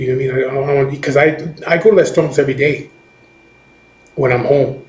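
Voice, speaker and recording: A man's voice: mid-range voice, steady tone, quick pace, darkish tone. A middle-aged man, a biker, telling a personal story in a rambling, profane way, full of restarts and "you know what I mean", while recovering from chemotherapy. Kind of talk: casual storytelling. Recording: echoey room.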